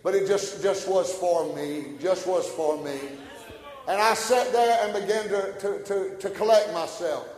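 A male preacher delivers a sermon in a high voice. He moves from quiet, halting storytelling to loud, passionate cries. The sound is roomy, with a long echo like a large hall. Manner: builds to shouted passionate bursts, then drops quiet.

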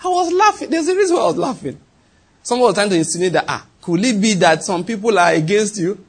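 A man preaching a sermon, animated and husky, acting out voices in the quoted dialogue and dropping from loud to hushed. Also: sits high, fast talker.

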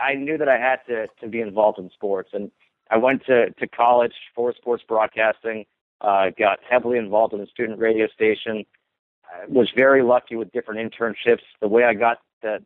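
A man's voice: fairly low pitch, no echo. A man who works as a sports broadcaster, casually telling stories about his career in an interview, with many ums and restarts. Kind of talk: relaxed interview answers. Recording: tinny phone line.

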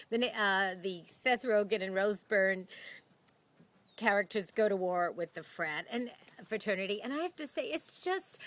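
A woman's voice: mid-range voice, fairly bright tone. A woman hosting a film review show, talking in a casual, gushing way with lots of fillers and restarts. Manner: gushing, chatty, rambling with many fillers.

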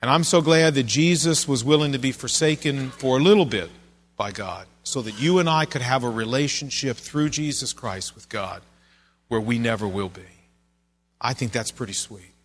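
A male pastor preaching a sermon in a church, earnest and conversational, sometimes dropping to soft, low passages. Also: normal speed, slight background noise.

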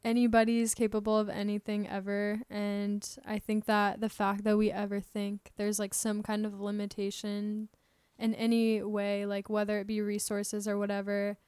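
A woman's voice: mid-range voice, monotone, normal speed, a little mellow, smooth, no room sound. A woman chatting casually as a podcast guest, upbeat and earnest, with lots of fillers. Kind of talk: casual interview chat.

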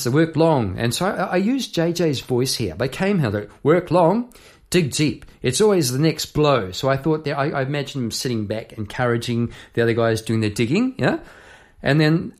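A songwriter talks through his lyrics line by line in a loose, conversational way. The man often drifts into side stories and keeps checking in with "eh?" and "yeah?". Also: medium pitch. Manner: chatty and rambling, full of asides and tag questions. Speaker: songwriter hosting an episode. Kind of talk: casual explanation of song lyrics.

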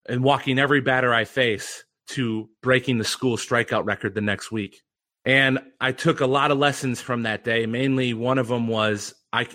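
A man's voice: mid-range voice, bright, forceful tone. A young man telling an earnest, reflective story as a podcast guest. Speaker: guest, former pitcher and mental conditioning coach.

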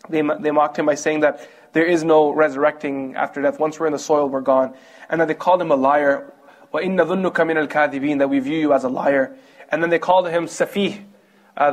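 A young man from Kentucky giving an animated religious lecture, telling stories and asking the audience questions. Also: on the high side. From Kentucky, USA. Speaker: Islamic lecturer.

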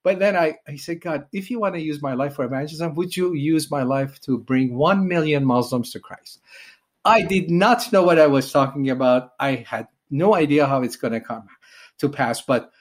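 Earnest man from Iran, higher voice. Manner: earnest, emotional storytelling with acted prayers. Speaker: evangelist guest. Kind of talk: testimony in an interview.

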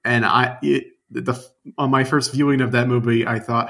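A man's voice: medium pitch, flat delivery, normal speed, creaky, hardly any pauses, fairly bright tone. A man co-hosting a podcast, talking films in an enthusiastic, rambling way. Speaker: podcast co-host. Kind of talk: casual film discussion.

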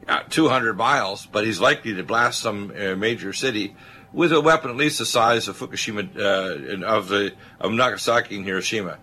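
A man's voice: fairly low pitch, sharp tone, slight background noise. A man hosting a talk radio show, speaking emphatically and rambling with many filler uhs.

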